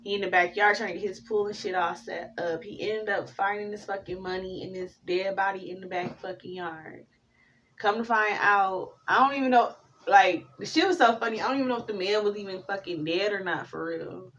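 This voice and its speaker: A woman giving a casual tarot reading, talking, swearing freely and drifting into animated stories. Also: mid-range voice, fairly quick, recorded from a distance, lo-fi sound. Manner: profane, rambling, animated storytelling. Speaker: tarot reader.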